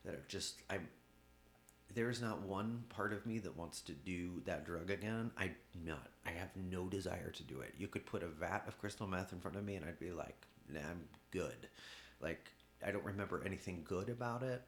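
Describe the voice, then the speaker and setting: Low-voiced man with halting candid talk. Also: roomy sound, a little hiss or hum. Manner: halting, many restarts, laughs while talking. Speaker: guest artist. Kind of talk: candid conversational interview.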